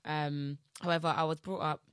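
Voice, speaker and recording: Young woman, low-pitched, podcast co-host, loose rambling delivery full of fillers, dry sound. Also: little pitch movement, normal speed, clear, resonant tone, no room sound. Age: young adult. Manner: rambling, many fillers and restarts. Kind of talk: casual chat.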